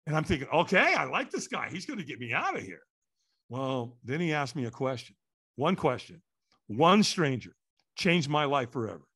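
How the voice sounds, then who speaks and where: Lively, bright-voiced man telling a story. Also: medium pitch, normal speed, breathy edge. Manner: lively, acts out quotes and sounds. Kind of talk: animated storytelling.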